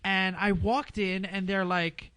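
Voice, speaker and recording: A man co-hosting a casual podcast, telling animated stories and acting out other people's lines. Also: sits high, slow, smooth. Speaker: podcast co-host.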